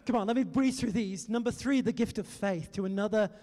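A British man preaching a sermon, telling stories and urging his listeners on in an animated way. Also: high-pitched, fairly quick, big-room sound. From Britain. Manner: animated storytelling, exhorting the audience.

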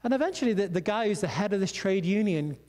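High-voiced preacher in an echoing hall. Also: male voice, lively intonation, fast talker, darkish tone. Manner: conversational storytelling with many asides. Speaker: pastor. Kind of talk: sermon. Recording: long hall reverb.

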